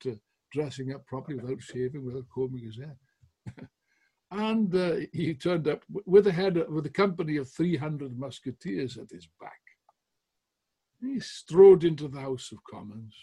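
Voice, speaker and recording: A man giving a history talk as a storyteller, animated, with frequent restarts and chuckles. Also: mid-range voice, breathy edge. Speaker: podcast speaker on history.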